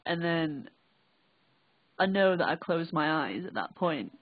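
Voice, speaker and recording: A young woman with a Northern English accent, recalling an experience in a halting, rambling, sweary way. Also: low-pitched, animated, no echo. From England. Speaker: vlogger. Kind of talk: casual first-person recollection. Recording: dry, tinny phone-like audio.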